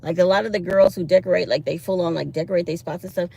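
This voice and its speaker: A woman's voice: fairly low pitch, fairly even intonation, quick pace, gravelly, dark tone, slightly rough. A woman chatting casually to her viewers, animatedly retelling her day. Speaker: vlogger.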